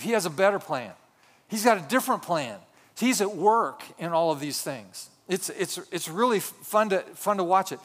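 A man's voice: high voice, fairly bright tone. A man preaching a sermon as a pastor, telling a story with a conversational manner and asides to the congregation.

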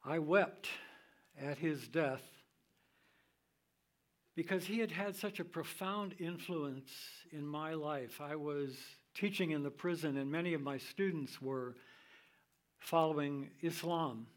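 An older man teaching from the Bible in a sermon style, reading scripture in a measured, deliberate way. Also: fairly high pitch.

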